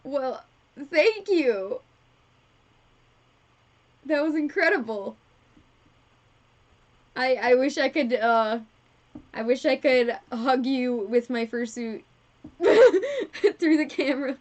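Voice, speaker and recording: A woman's voice: sits high, takes it slowly, pauses often. A woman chatting casually with her live-stream viewers while she sews. She is giggly and self-deprecating and laughs often. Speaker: fursuit maker streaming live. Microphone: wrong microphone.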